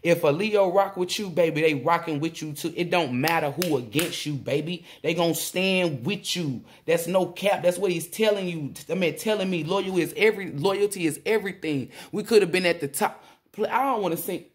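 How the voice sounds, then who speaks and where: A woman giving a tarot reading in a casual monologue, excitable and profane, exclaiming as she goes and sounding shaky with excitement. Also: fairly low pitch, moderate pace. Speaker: tarot reader.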